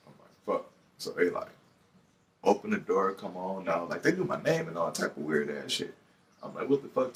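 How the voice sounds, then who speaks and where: A man with a Detroit accent telling a story from his own life in a casual, profane, animated way. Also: low-pitched, far from the mic.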